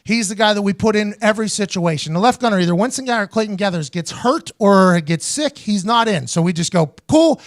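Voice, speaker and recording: Animated, profane American man telling a story. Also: high-pitched, fairly quick, hardly any pauses, no room sound, clean studio sound. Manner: animated, profane, acts out quotes in raised voice. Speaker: host, former punter. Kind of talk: casual storytelling podcast chat.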